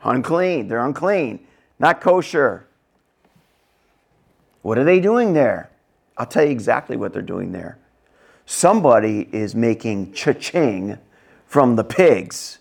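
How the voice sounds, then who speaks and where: A man's voice: medium pitch, sing-song, slow pace, creaky, long pauses, a little mellow, husky. A man preaching a sermon, reading scripture aloud and explaining it, asking the congregation questions. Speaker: pastor.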